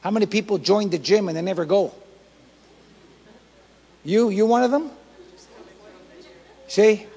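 Man, pastor, sermon, high voice, emphatic and repetitive, long church-hall reverb. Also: normal speed, pauses often, breathy edge. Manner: emphatic, repetitive preaching that builds to shouts.

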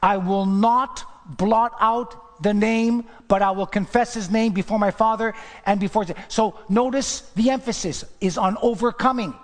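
A high-pitched male pastor preaching in a church sanctuary, his voice trailing off into a long hall reverb. He is emphatic, asks the congregation rhetorical questions and swings between loud declarations and hushed asides. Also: moderate pace. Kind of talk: sermon.

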